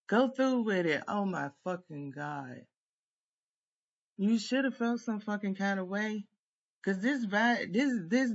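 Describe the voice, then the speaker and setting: Woman tarot reader, mid-pitched, ranting hot and profane to camera, dull lo-fi sound. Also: takes it slowly. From United States. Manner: heated, profane, rambling rant. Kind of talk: venting monologue to camera.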